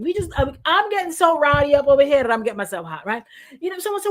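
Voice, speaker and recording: A woman pastor giving a lively, conversational sermon, calling on congregants by name and often restarting her sentences. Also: sits high, quick pace. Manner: animated, lively, acts out quoted voices, addresses congregants by name; frequent restarts and repetitions.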